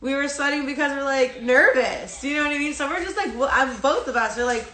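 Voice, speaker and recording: A woman's voice: high-pitched, steady tone, a little fast, sharp tone, reverberant. A young woman telling a personal story on a phone live stream, rambling with many fillers and restarts, casually swearing. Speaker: livestreamer.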